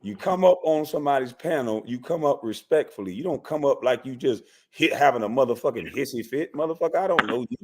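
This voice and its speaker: A man's voice: mid-range voice, lively intonation, quick pace, hardly any pauses, a little mellow. A man hosting a call-in livestream, arguing bluntly and profanely with callers. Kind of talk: heated call-in banter.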